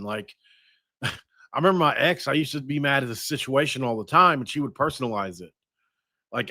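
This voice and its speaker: A man hosting a sports podcast, talking casually and thinking out loud with frequent restarts. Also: mid-range voice, no echo, clean studio sound. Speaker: podcast host.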